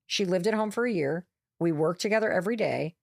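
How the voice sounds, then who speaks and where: A middle-aged woman, a motivational speaker appearing as a podcast guest, telling a candid, lively story and acting out quotes as she goes. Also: on the low side, fast, gravelly, dry recording, clean studio sound.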